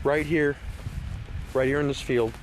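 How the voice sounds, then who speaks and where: A man's voice: medium pitch, fairly even intonation, measured pace, noisy background. Rambling man vlogging outdoors. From Washington State, USA. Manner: rambling with many restarts and fillers, emphatic when scolding. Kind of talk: casual outdoor vlog ramble. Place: outdoors at a lakeside park.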